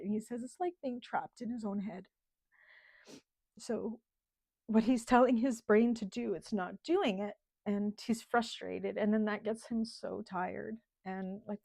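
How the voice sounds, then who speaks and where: A middle-aged woman, a channel host in casual livestream chat, talking in a heartfelt, halting way with many ums while holding back tears. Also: medium pitch, dark tone, no room sound, studio quality. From Canada.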